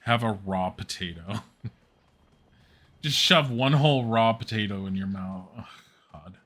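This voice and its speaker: Bright-voiced man muttering over a game. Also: lowish voice, a little slow. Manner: mutters to himself, swears and groans at setbacks. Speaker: game streamer. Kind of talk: casual gameplay commentary.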